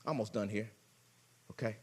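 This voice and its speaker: A man preaching a sermon as pastor, conversational and folksy, swinging between loud exhortation and hushed asides. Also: lowish voice, normal speed, husky, long reverb tail. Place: church sanctuary.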